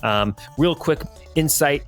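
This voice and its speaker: A man's voice: fairly high pitch, slow, faint music behind. A man narrating as game master of a tabletop adventure, describing scenes with frequent hesitations and fillers.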